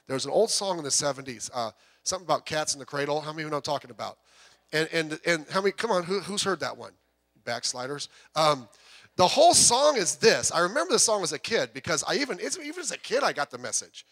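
Pastor, male, slightly high bright voice, conversational sermon delivery, long church reverb. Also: sing-song, fast. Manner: conversational, asks the congregation questions, acts out quotes.

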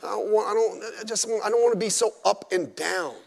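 A man with a high, creaky voice and a somewhat dark tone preaches a little fast during a midweek service. He's blunt and emphatic, with mocking asides, and the church hall is echoey.

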